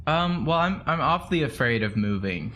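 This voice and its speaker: A man's voice: medium pitch, lively intonation, moderate pace, noisy background. A man playing a tabletop game, joking playfully with restarts and laughs. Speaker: player. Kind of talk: casual tabletop play. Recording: loud crosstalk from other players.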